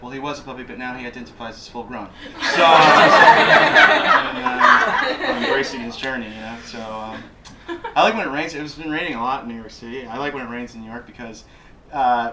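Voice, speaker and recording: A man doing a stand-up comedy set in a small community center, talking in a hesitant, self-deprecating way full of fillers. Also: mid-range voice. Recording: roomy hall with loud background noise. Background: audience laughter.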